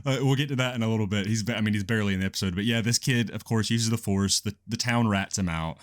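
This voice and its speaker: A man co-hosting a casual podcast review, rambling quickly with frequent laughs and self-corrections. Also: fairly low pitch. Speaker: podcast co-host. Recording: lo-fi music bed underneath.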